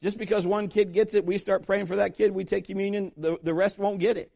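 High-voiced emphatic man preaching. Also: steady tone, fairly quick, creaky, a little mellow. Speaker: pastor. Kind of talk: sermon.

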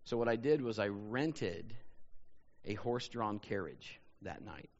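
A man's voice: fairly low pitch, expressive, unhurried, vocal fry, long reverb tail. Man pastor telling a story, dull sound. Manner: conversational, personal anecdotes, frequent "you know". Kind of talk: sermon storytelling.

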